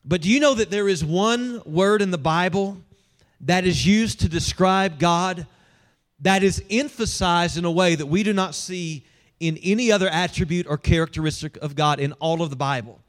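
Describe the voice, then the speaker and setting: A man with a notably high voice and a lilt delivers a sermon. He speaks in a relaxed, joking way and keeps drawing his listeners in. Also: moderate pace. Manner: conversational, humorous, engages the congregation. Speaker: pastor.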